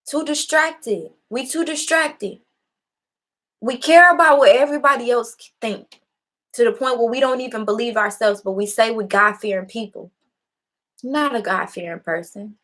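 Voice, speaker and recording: A young woman with a fairly high voice talks straight to her audience as host. She sounds impassioned and preachy, and she swears freely as she drives her point home. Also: a bit bright. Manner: impassioned, preachy, blunt and profane. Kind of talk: casual motivational talk to a live audience.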